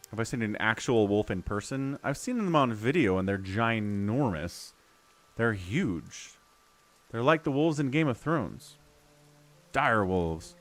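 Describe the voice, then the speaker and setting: Chatty man streaming a game, lively pitch. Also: moderate pace. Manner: chatty, reads game text aloud, jokes to himself. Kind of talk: casual gameplay commentary.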